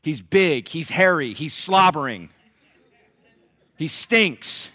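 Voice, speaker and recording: A man preaching a sermon, telling a story with lively acted-out voices. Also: a little high, slow, no room sound. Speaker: pastor.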